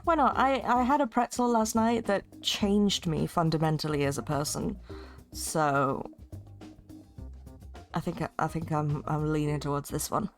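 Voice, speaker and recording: Chatty woman streaming a game. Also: sits low. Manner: chatty, rambling, self-interrupting asides. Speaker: streamer playing a text game. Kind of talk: casual game commentary and reading aloud.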